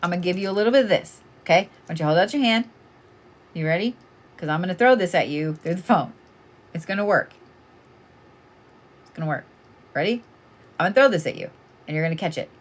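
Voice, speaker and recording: A woman's voice: lowish voice, fast talker, long pauses. Chatty, blunt woman reading oracle cards. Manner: blunt, swears freely, animated and chatty. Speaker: oracle card reader. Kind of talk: casual live card reading.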